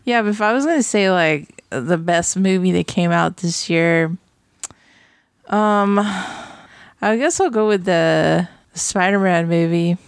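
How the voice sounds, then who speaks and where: A woman's voice: on the low side, slow pace, gravelly, clean tone, dry recording, clean studio sound. A woman in casual chat on a podcast, laughing and teasing.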